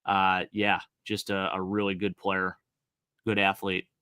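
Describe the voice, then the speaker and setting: A man with a Buffalo accent gives eager, rapid football analysis as co-host of a casual talk show. His voice is fairly low but bright and forceful. It sounds dry and close, with no room echo. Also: monotone, smooth. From Western New York. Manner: enthusiastic, quick analytical talk with fillers. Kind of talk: casual sports chat.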